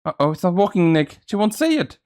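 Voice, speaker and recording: Man putting on a higher worried girl sidekick voice, earnest, lively. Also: fairly quick, slight background noise. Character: anxious young woman, the lawyer's assistant.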